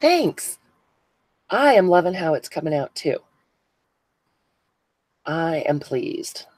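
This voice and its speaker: With a low, slightly mellow voice that swings widely in pitch, the host speaks slowly during a relaxed craft live stream at her indoor crafting table. She glues buttons, chats with viewers by name and thinks aloud, recorded without echo and in low quality.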